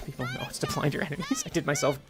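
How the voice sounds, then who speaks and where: Chatty male streamer, very expressive pitch, giggly, faint chiptune bed. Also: fast talker, over music. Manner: chatty, animated, giggly, swears casually. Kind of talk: casual gameplay commentary.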